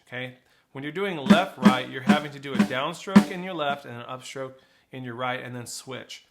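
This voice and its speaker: A man teaching snare drum technique, explaining flams and rolls and counting rhythms aloud. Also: mid-range voice. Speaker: percussion teacher. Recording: loud drumming behind the voice.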